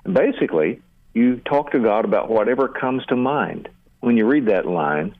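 An older seminary teacher earnestly explains prayer in a radio interview, often repeating words as a sentence begins. His medium-pitched voice is animated at a moderate pace, with no room sound, though the audio is narrow and phone-like.

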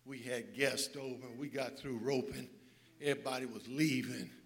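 A man preaching a sermon to a church, moving from hushed storytelling into shouted, sing-song preaching. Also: medium pitch, fairly even intonation, normal speed. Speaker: pastor. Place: church with congregation.

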